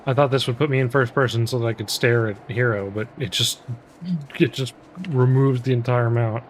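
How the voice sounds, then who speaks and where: A man's voice: medium pitch, fairly even intonation, brisk, a little hiss or hum. Laughing man chatting over a game. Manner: joking and laughing, reads game text aloud. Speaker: streamer playing an online game with friends. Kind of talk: casual gameplay chat.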